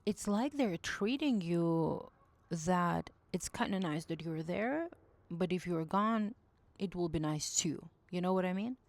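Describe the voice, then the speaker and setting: A woman's voice: on the low side, lively intonation, unhurried, dry recording. A woman giving intuitive spiritual advice in a casual monologue, speaking earnestly, often searching for words and rephrasing herself. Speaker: intuitive message reader.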